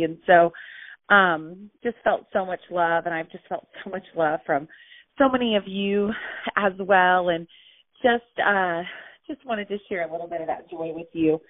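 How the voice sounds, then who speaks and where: A woman's voice: on the low side, a little slow. A young pregnant woman hosting a casual motivational call, gushing and a little out of breath. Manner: bubbly and gushing, with frequent laughs and fillers. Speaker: host of a weekly motivational call. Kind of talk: casual motivational phone message. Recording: tinny phone line, dry.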